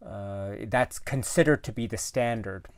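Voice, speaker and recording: Halting man, dry close sound. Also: lowish voice, no echo. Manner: halting, searching for words with many restarts. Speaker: guest commentator. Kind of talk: casual film discussion.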